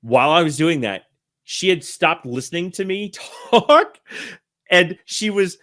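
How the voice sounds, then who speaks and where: A man's voice: fairly high pitch, lively intonation, measured pace, a bit bright. Rambling man telling a story. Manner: rambling, self-correcting, laughs while telling. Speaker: interview guest. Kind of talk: casual storytelling.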